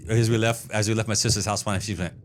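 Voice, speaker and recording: A man's voice: lowish voice, steady tone, fast. A man co-hosting a movie podcast, talking in an emphatic, ranting way with frequent restarts. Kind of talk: casual chat.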